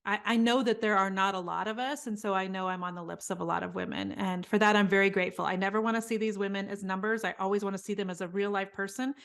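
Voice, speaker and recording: A middle-aged woman guest in an interview, telling stories in an earnest, animated way. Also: medium pitch, fast talker, gravelly, few pauses. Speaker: guest, business coach. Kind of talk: conversational interview.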